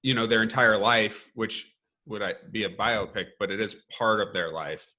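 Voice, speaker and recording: Bright-voiced man, hesitant and careful. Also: lowish voice, moderate pace. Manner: hesitant, restarts while explaining. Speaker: podcast co-host, high school football coach. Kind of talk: casual chat.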